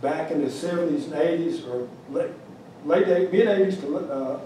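At a museum, a wildlife carver gives a funny, meandering talk about his carving, restarting his sentences again and again. His voice is a little high and warm, at a moderate pace, with a faint hiss or hum. The room echoes and the mic sits far away.

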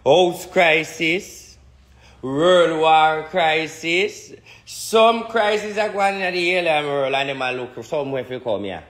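Jamaican man, fairly high voice, joking rambling delivery, echoey room. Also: lively intonation, slow pace. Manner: joking, rambling, loud bursts of laughter and shouting. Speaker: spiritual reader. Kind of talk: casual live talk.

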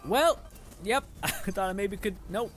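A man's voice: high-pitched, lively intonation, a little slow, fairly bright tone, faint music behind. A young man giving casual gameplay commentary, sarcastic and frustrated, swearing often and laughing at his own losses. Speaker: gaming channel host.

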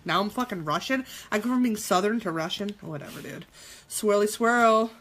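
A woman in her thirties chatting through a casual live makeup tutorial, jokey and quick to swear. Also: mid-range voice, slight background noise. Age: 30s.

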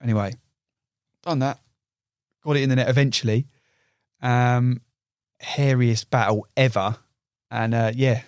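Young man, excitable storyteller. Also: medium pitch, unhurried, long pauses, no echo, clean studio sound. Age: young adult. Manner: excitable storyteller, swears, uses "you know" a lot. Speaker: podcast guest, carp angler. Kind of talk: casual chat.

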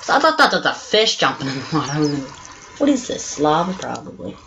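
A woman hosting a let's play video, giving excitable gameplay commentary full of exclamations and swearing. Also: low-pitched, fast talker, muffled recording, background noise.

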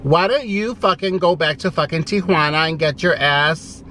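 A man vlogs from inside his parked car, ranting in a profane, sassy, exasperated way. His voice is fairly high with a sharp tone at a moderate pace, and there's slight background noise.

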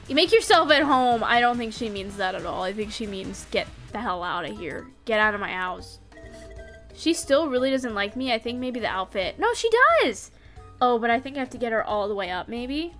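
A young woman streaming a farming game, giggling and chatting playfully, putting on quick voices for the characters. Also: fairly high pitch, animated, a bit bright. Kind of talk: live gameplay commentary. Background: faint game music.

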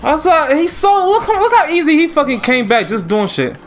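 Male gamer ranting on stream; high, animated voice, swears and yells at losses. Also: normal speed, faint music behind. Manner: profane, ranting, shouts in frustration. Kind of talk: angry gaming stream rant.

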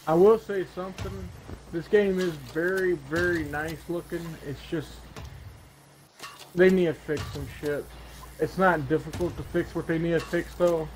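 A man's voice: on the high side, fairly even intonation, moderate pace, slight background noise. A man playing a video game and commentating, sarcastic and ranting, swearing often. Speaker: gaming channel host. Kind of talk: casual gaming commentary.

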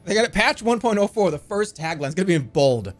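A man in his thirties streams a game, his fairly high voice leaping all over the place. He rants and swears in exasperation, and faint game music plays behind him. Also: quick pace. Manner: exasperated, swearing, animated ranting. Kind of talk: live gaming commentary.

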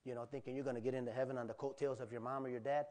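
This church sermon features a male pastor narrating a personal story at a very fast clip, with animated acted-out cries and asides to the congregation. His pitch is medium.

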